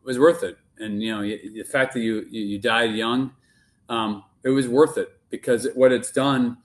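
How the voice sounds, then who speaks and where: An earnest middle-aged man talks as a guest on a podcast. His voice sits at a middle pitch. He often restarts and repeats words while he thinks. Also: steady tone, moderate pace. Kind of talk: casual interview conversation.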